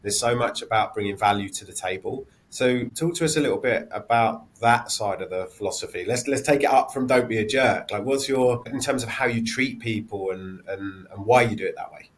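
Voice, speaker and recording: A man's voice: fairly low pitch, fairly quick, hardly any pauses. A man hosting a podcast interview, rambling a little and restarting as he frames his questions. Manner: rambling, restarts often while framing questions. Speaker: podcast host. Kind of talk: casual interview conversation.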